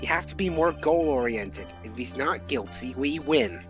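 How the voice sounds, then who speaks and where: A man's voice: medium pitch, lively intonation, normal speed, music in the background. A man chatting casually and skeptically with friends while they play a game. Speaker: let's play co-commentator. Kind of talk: casual group commentary.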